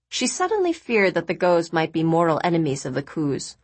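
A woman reading a novel aloud, expressive and animated. Her voice has a husky, slightly breathy texture and lively pitch. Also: brisk, no echo. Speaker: audiobook narrator.

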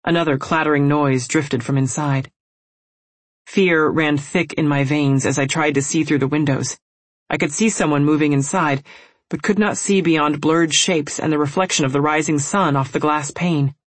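A woman reading a first-person novel aloud in a measured, emotional storytelling manner. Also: low-pitched, dry recording. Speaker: audiobook narrator.

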